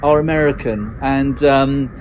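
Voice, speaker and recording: A man's voice: mid-range voice, unhurried, highs cut off, slight background noise. A man hosting a podcast in casual chat, jokey and chatty, often trailing off with fillers. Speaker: podcast host.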